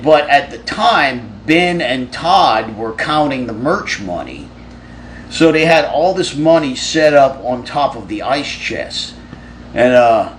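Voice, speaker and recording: A touring metal musician rambles through a road anecdote, cursing freely and restarting his sentences. His voice sits at an ordinary male pitch. The delivery is casual and unscripted. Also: fairly bright tone, slight background noise. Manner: loose, profane storytelling with restarts.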